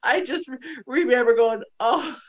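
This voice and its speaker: A middle-aged woman hosts a show and talks in a relaxed conversational way. She tells a personal story with feeling and breaks into laughs now and then. Her pitch sits in an ordinary middle range. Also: normal speed. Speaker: podcast host. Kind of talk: casual conversation.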